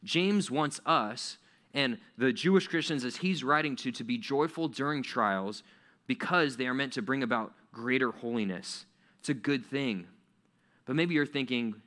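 Guy pastor chatting through a sermon, bright forceful voice, keeps asking the room questions. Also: medium pitch, lively intonation, moderate pace. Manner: casual, conversational preaching with rhetorical questions.

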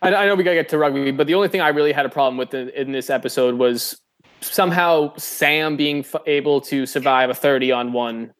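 A man's voice: fairly high pitch, fairly even intonation, brisk, a bit bright. Laughing man telling stories on a podcast. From Massachusetts. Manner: laughing, storytelling, loose. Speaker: podcast co-host. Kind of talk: casual podcast chat.

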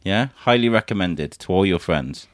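A man in a relaxed, playful chat with his young son, gently teasing and encouraging him. His voice rises and falls with lively swings of pitch. The sound is dry and close to the microphone. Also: normal speed, no echo. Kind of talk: casual chat with a child. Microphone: handheld microphone passed to child.

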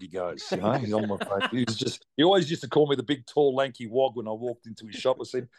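Aussie bloke rambling thru a story, lots of repeats, casual swearing, dry close sound. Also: male voice, medium pitch, brisk, no echo. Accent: Australian. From Australia. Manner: rambling, chatty, peppered with mild swearing and repeats. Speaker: race car driver guest.

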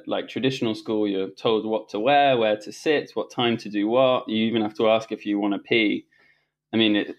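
A man with a fairly low voice speaks as an interview guest, recalling events in a relaxed, meandering way. He often restarts his sentences and pads them with fillers. He sounds middle-aged and unscripted. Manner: rambling, frequent restarts and fillers, laughs while telling stories. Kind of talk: casual storytelling conversation.

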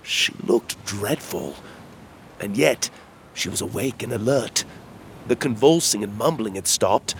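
A man narrating a children's fantasy adventure in the first person, reading at a measured, steady pace. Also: lowish voice, vocal fry, a little hiss or hum. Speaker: storyteller.

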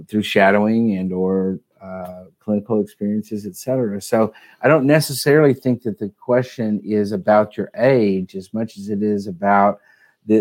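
A man's voice: lowish voice, a little mellow. A man giving advice as a podcast guest, talking casually and explaining step by step, often rephrasing himself as he goes. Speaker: guest admissions advisor.

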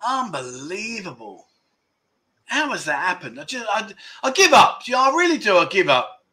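A man hosting a livestream, reading viewer comments aloud and reacting with loud, jokey exclamations. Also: sits high, normal speed. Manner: excitable, jokey, exclaiming loudly. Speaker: livestream host.

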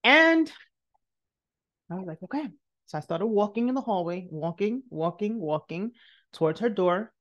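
A woman hosting a podcast, telling a motivational personal story and acting out the voices in it, jumping high for quotes and dropping to a hush for asides. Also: moderate pace, highs cut off. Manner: animated, acts out quotes with big pitch jumps and hushed asides. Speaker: podcast host.

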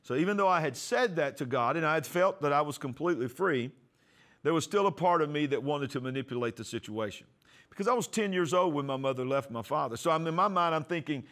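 A man pastor giving a testimony sermon, storytelling and acting out the dialogue, going soft and quiet for prayers. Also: a little high, lively intonation, quick pace. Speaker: pastor and TV host.

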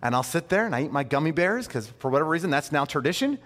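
Animated male pastor in a reverberant hall. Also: on the high side, racing. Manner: animated, conversational, with playful asides. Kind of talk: sermon.

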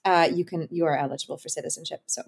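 A woman from Canada with a slight Irish tinge to her accent, a musician guest chatting in a bubbly, lively way. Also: low voice, rapid-fire, creaky, a crowd in the background. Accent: Canadian, partly Irish. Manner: bubbly, laughs often, chatty. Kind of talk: casual interview.

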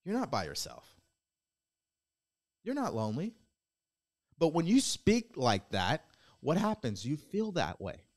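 A man's voice: on the high side, wildly swooping pitch, measured pace, long pauses, darkish tone. Blunt preachy male podcast host. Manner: blunt, preachy, calls listeners out with repeated rhetorical questions; swears casually. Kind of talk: motivational monologue.

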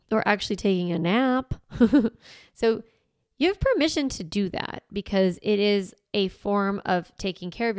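A woman's voice: medium pitch, clean tone. A middle-aged woman hosting a parenting podcast, giving casual advice and acting out little dialogues with a laugh. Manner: animated, acts out little dialogues, laughs often.

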